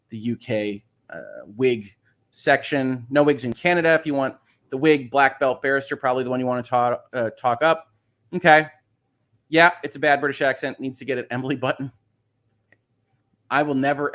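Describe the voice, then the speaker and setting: A man's voice: medium pitch, a bit bright. A man hosting a casual livestream, chatting about legal news, reading viewer questions and explaining cases. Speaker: host.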